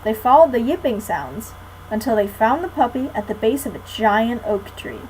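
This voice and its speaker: A teenage girl reads a children's chapter book aloud to a class. She keeps a friendly, clear read-aloud manner, and her voice sits fairly high. A faint hiss runs under the recording. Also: expressive, moderate pace, darkish tone, low-quality recording. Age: teens. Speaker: guest reader.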